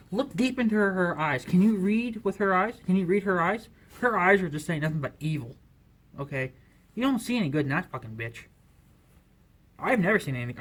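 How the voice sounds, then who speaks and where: A man vlogging an angry political rant to camera, swearing constantly, talking in a heated way and leaning on "you know" as filler. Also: sits high.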